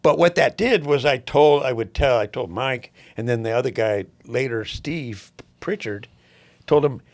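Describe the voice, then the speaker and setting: An older man, a podcast guest, telling long rambling stories with swearing and frequent throat-clearing. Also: medium pitch, unhurried. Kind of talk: casual storytelling interview.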